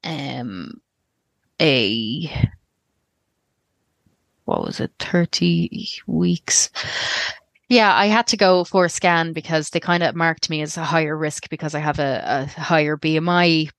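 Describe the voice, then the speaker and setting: Low-voiced Irish woman telling her story. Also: slow, pauses often, no room sound. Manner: rambling, self-interrupting, candid. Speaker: guest. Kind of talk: personal storytelling interview.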